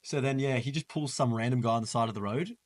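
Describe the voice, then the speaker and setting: Young bloke telling a travel story to mates, loose and animated, acts out bits of it. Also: male voice, medium pitch, fast, no echo. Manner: animated, laughing storyteller acting out voices. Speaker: guest. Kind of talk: casual storytelling chat. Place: indoors, holiday flat.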